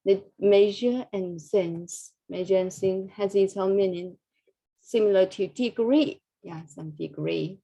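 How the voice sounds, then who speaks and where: A woman's voice: medium pitch, slow, creaky, warm tone, poor audio. A woman teaching an English lesson, drilling pronunciation with many repetitions and fillers. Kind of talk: online English lesson with Buddhist prayer.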